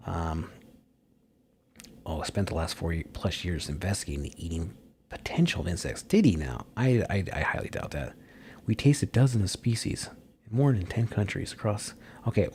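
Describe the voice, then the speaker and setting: Low, gravelly man ranting sarcastically. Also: darkish tone, slight background noise. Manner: sarcastic, profane ranting with frequent fillers and restarts. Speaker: livestream host. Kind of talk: rambling commentary while reading an article aloud.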